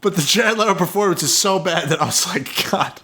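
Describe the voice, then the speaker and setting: High-voiced blunt man on a podcast. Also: quick pace, sharp tone, a little hiss or hum. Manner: blunt, mocking, profane. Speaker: podcast co-host. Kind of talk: casual chat.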